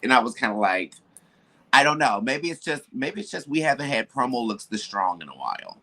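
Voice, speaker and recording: A man's voice: mid-range voice, very animated, fairly quick, sharp tone. A man co-hosting a podcast, talking candidly and emphatically in casual chat, with side remarks. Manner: candid, emphatic, drops into asides. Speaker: podcast co-host. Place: home, with building noise nearby.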